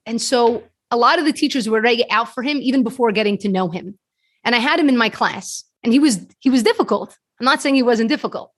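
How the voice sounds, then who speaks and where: A woman guest on a podcast, telling a story earnestly and repeating words as she gets going. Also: a little high. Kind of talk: storytelling in conversation. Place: podcast studio.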